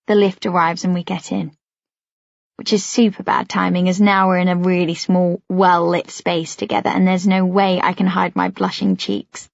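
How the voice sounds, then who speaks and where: A woman narrating an audiobook in the first person, in a light, youthful and expressive way. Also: on the low side, normal speed, creaky, no room sound. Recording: dull, lo-fi dry audiobook recording.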